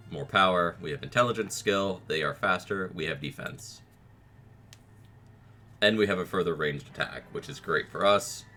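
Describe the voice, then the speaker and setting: A man with a very low, bright-edged voice talks through a game as he plays, relaxed and wry, tossing out little reactions between fights. Soft music runs underneath. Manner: casual, self-deprecating, reacts with quick quips. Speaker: gaming video creator. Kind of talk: let's play commentary.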